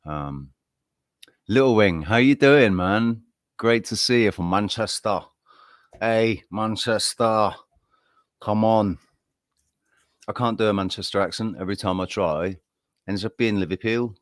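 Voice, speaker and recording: A man's voice: lowish voice, moderate pace, no echo, studio quality. A man hosting a casual live stream, chatting in a rambling, friendly way and greeting viewers by name. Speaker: livestream host.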